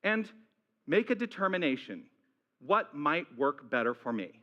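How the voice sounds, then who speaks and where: A male senior minister with an American accent, giving an excited, high-energy welcome to his congregation, a little out of breath. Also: highs cut off. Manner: enthusiastic, high-energy, exclaiming. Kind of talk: energetic church welcome and opening talk. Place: church sanctuary with a congregation.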